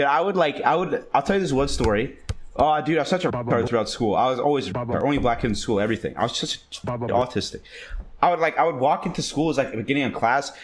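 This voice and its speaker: A man telling a rambling, crude and excitable story in a casual, profane style, often restarting his sentences. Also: medium pitch, slight background noise.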